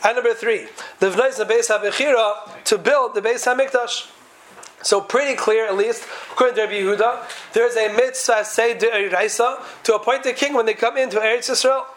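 A man's voice: extremely high pitch, fairly even intonation, brisk, a bit bright, poor audio. A man giving a Talmudic lecture to a class, posing question after question in a sing-song study cadence. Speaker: Torah teacher.

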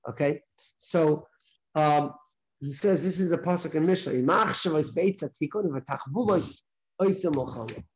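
Talkative rabbi with a fairly high voice. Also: male voice, normal speed, rough recording. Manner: conversational, repeats points, asks rhetorical questions. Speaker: rabbi teaching a daily class. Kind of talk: casual spoken Torah lesson.

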